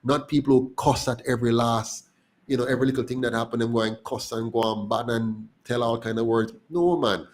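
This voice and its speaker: A man's voice: medium pitch, fairly even intonation, fairly quick, rough recording. A man with a Jamaican accent, a party spokesman speaking passionately and with emphasis on a political talk show. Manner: passionate, grows heated and emphatic.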